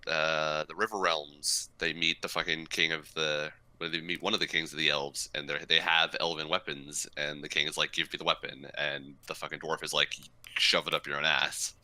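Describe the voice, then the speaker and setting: A man's voice: rumbling low, level tone, moderate pace, few pauses, pushed and bright. A man co-hosting a podcast, eagerly explaining fantasy lore and recapping an anime in casual chat, swearing freely. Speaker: podcast co-host.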